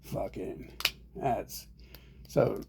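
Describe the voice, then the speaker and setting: A man's voice: drawn-out words, mellow, a little hiss or hum. A man ranting in a rambling monologue, profane and agitated, speaking as an online commentator.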